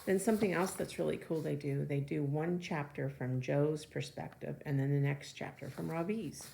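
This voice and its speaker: A woman with a low, gravelly voice reads a children's novel aloud to her class. She stops between passages to chat and explain things. Her pacing is easy and classroom-friendly. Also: fairly even intonation, moderate pace, dark tone, slight background noise. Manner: chatty asides between passages. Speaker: teacher reading aloud to students.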